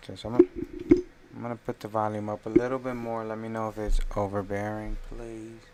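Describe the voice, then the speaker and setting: Man, low flat voice, casual live-stream talk, rambling, faint background noise. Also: fast. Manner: thinks aloud, rambling, self-correcting. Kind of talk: casual live-stream commentary while designing.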